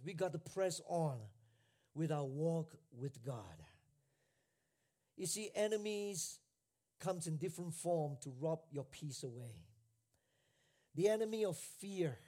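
A male pastor preaching a sermon, repeating phrases for emphasis and swinging between hushed lines and shouted ones. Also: high-pitched.

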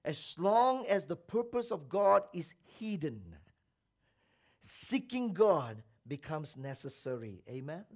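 A man preaching a sermon, swinging from loud, emphatic lines down to near-whispers. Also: a little high, big pitch swings, slow. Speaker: pastor.

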